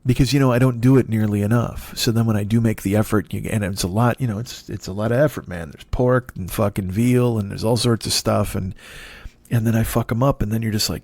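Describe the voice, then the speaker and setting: A man in his forties, a comedian hosting his own podcast, rambling in a profane, self-deprecating monologue from his dark apartment. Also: on the low side, fairly quick, creaky, no echo. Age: 40s.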